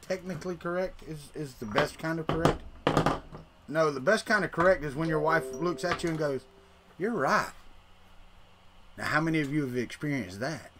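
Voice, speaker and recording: A man's voice: a little high, brisk, fairly bright tone, a little hiss or hum. A middle-aged man, hosting a casual livestream and rambling to his chat while he tinkers. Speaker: livestream host.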